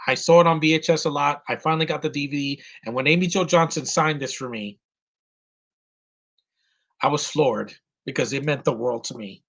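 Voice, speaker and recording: A man in his thirties, near tears, giving an earnest and halting live commentary as host of his own stream. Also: on the high side, vocal fry, a bit bright. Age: 30s.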